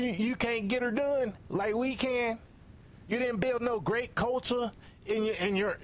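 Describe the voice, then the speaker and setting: A man with a high voice scolds and swears his way through an angry rant. The recording sounds muffled and lo-fi, with a faint hiss underneath. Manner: profane, scolding, repetitive.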